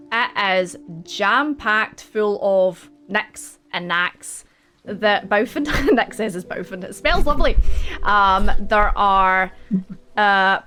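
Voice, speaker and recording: A woman's voice: mid-range voice, fairly bright tone. A woman narrating as game master in a casual, rambling way full of fillers.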